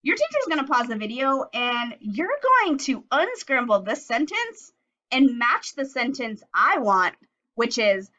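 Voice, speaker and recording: A woman teaching a phonics lesson to young children, slowly stretching out and sounding each letter of the words. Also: a little high, big pitch swings, bright, forceful tone, muffled recording.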